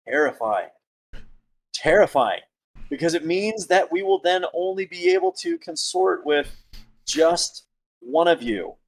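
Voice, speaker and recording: A man in a tabletop role-play game voicing a boastful, womanizing male adventurer who gives a drawn-out seductive speech. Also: fairly high pitch, exaggerated voice.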